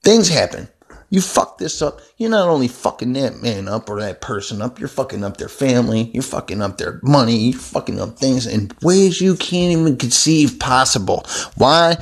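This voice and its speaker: A vlogger sits at home indoors, ranting angrily and off the cuff into his phone, swearing constantly and rambling. His mid-range voice is expressive, creaky and breathy at the edges, moving at a moderate pace.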